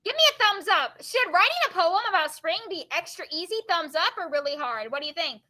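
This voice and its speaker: A woman teacher reading poems aloud to her class and quizzing her students with quick questions. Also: extremely high pitch, expressive, pushed and bright.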